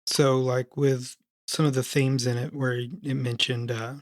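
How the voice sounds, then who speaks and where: A man's voice: medium pitch, level tone, measured pace, no room sound. Hesitant man asking questions, dry sound. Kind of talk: casual interview questions.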